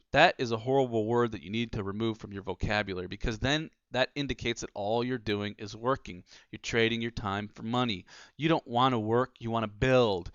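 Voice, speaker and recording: Male business coach, smooth resonant mid voice, dry close sound, slightly dull recording; earnest and preachy. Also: medium pitch, a bit bright, no echo. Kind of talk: motivational talk.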